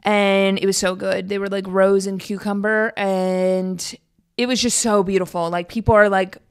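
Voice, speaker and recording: A woman's voice: medium pitch, level tone, normal speed, clear, resonant tone. A young woman hosting her own podcast, talking casually in an upbeat, rambling way with lots of fillers. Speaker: podcast host. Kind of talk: casual solo podcast chat.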